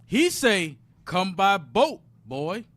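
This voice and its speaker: A man reading a text aloud in a Bible class. He reads in a measured way, one short passage at a time. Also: high voice, very animated, background noise.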